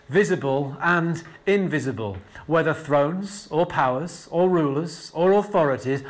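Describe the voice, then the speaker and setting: A man preaching a sermon in a conversational way, slowing down to stress key words and repeating them for emphasis. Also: a little high. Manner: conversational asides with frequent fillers and restarts.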